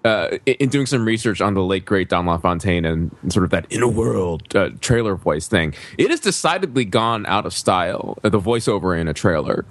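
A man with a deep voice that still moves a lot in pitch. He hesitates with "um"s before he gets to his remarks. The sound is close and dry. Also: lively intonation, fairly quick, hardly any pauses, no room sound. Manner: hesitant, many "um"s before making a point. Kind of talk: casual chat.

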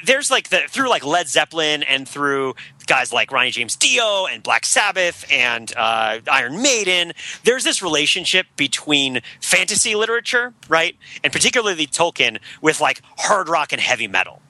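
A man chatting casually about a movie, excitable and laughing, breaking into mock heavy-metal narration. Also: fairly high pitch, normal speed, few pauses, dry recording. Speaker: podcast panelist. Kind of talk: casual movie review chat.

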